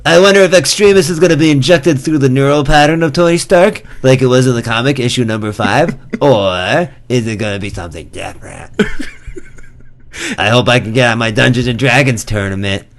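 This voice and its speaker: A man's voice: mid-range voice, animated, normal speed, natural voice. A man putting on the voice of an overexcited nerdy young fan who gushes breathlessly and squeals with laughter. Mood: giddy.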